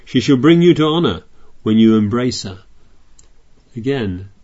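A man's voice: medium pitch, animated, a little slow, darkish tone, muffled recording. A man preaching a sermon, reading scripture aloud and explaining it in a chatty way with frequent restarts.

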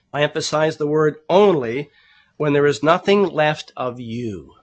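Earnest male preacher, slightly high voice. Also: expressive, measured pace, lo-fi sound. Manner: earnest, conversational preaching, addressing the congregation as brethren; repeats words as he searches for them. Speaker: pastor. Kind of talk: sermon.

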